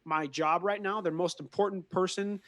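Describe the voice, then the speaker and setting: A man's voice: high voice, moderate pace, no room sound. A man from Minneapolis, a guest audio technician, chatting in an interview, telling stories with many restarts and repeated words. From Minneapolis, USA. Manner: lively storyteller who acts out quoted dialogue; frequent word repetitions and restarts. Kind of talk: conversational interview.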